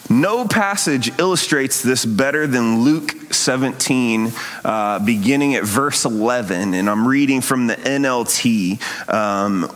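A man's voice: medium pitch, fairly bright tone, in a large hall. A man preaching a sermon in a conversational way, often checking in with his listeners. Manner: conversational, frequent "right?" asides. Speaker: pastor.

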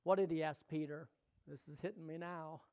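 A male pastor preaching a sermon, swinging between loud exhortation and hushed, intimate talk and putting questions straight to the congregation. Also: fairly high pitch, steady tone, moderate pace, smooth.

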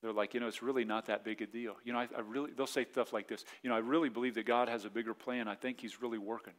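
A man in his forties preaching a sermon as pastor, in a conversational way, acting out quick voiced asides. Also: medium pitch, fairly even intonation.

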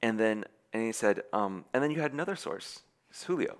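A man's voice: fairly low pitch, fairly quick. A man preaching a sermon, telling a spy story and acting out the characters' lines, with frequent restarts. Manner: animated storyteller acting out quoted dialogue, many restarts.

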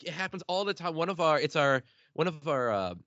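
A male podcast host from the Midwestern US with a higher, bright voice that swings widely in pitch. He chats animatedly, laughing and playing out little quoted voices. The audio is dull, lo-fi and dry, like a video call. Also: animated, fairly quick, dry recording. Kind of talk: casual interview chat.

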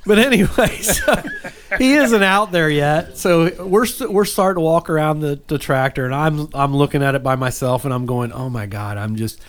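A man's voice: a little high, moderate pace, slight background noise. A man telling a long story in casual chat, rambling, with many restarts and asides.

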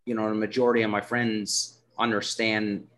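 A man's voice: on the low side, little pitch movement, fairly bright tone, slight background noise. Newfoundland-accented male podcast host, casual and rambling. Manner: chatty, rambling, quick to laugh.

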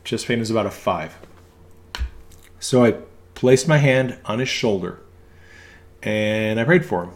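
A man's voice: on the low side, measured pace, pauses often. A man, an ambulance medic, giving a casual religious teaching talk, hesitating with frequent ums and restarts. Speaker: ambulance medic speaking on faith.

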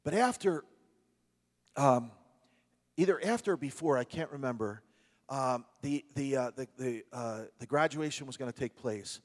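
A pastor with a New Jersey and New York accent who preaches a sermon as a chatty story, with many restarts and asides to the congregation. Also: male voice, mid-range voice, expressive, normal speed, big-room sound.

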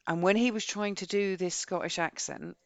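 A woman's voice: fairly low pitch, normal speed, vocal fry, no echo. A British woman co-hosting a podcast, chatting bluntly and expressively about a book she read. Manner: chatty, blunt and expressive, reads a synopsis aloud. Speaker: podcast co-host. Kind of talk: casual chat about books.

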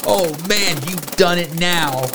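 A man voicing a friendly, eager new schoolgirl in a higher, excited voice. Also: moderate pace, background noise. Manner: excited, higher-pitched girlish voice.

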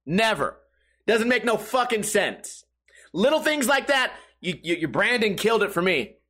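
A man's voice: high voice, very animated, moderate pace, pushed and bright. A young man hosting a solo podcast, rambling casually with lots of swearing and laughing at his own jokes. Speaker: podcast host.

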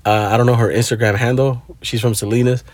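A man's voice: mid-range voice, flat delivery, quick pace, a little mellow, no room sound. A man telling a rambling story in casual vlog talk, swearing freely and mixing in Spanish words, recorded on his phone. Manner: profane, laid-back, mixes in Spanish words. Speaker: vlogger.

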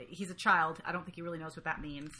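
A woman co-hosting a podcast, talking through a book in a relaxed, thoughtful way with hesitant restarts. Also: low voice, fast, a little hiss or hum. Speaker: podcast co-host. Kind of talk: casual book discussion.

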